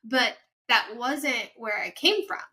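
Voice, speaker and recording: A woman from the United States hosting a podcast, asking curious questions and telling her own stories in an animated way. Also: a little high, takes it slowly, low-quality recording. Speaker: podcast host. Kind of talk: casual interview chat.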